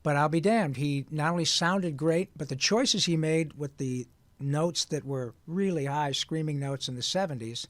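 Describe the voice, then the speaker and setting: A man in his sixties, a voice actor telling lively stories in an interview. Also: a little high, moderate pace, no room sound. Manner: lively, breaks into sung lines and quoted voices. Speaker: guest voice actor. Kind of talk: animated interview storytelling.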